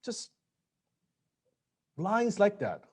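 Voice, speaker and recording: A man teaching a live sales training, blunt and casual, swearing now and then and dropping low to stress points. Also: wildly swooping pitch, very slow, breathy edge. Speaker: sales coach.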